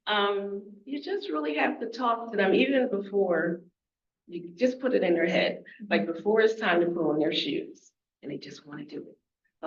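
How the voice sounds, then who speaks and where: A woman, a toddler teacher on a parent panel, speaking in a relaxed, encouraging way. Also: mid-range voice, normal speed. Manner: relaxed, encouraging, laughs easily. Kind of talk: conversational panel talk to parents. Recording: echoey room, muffled, faint noise.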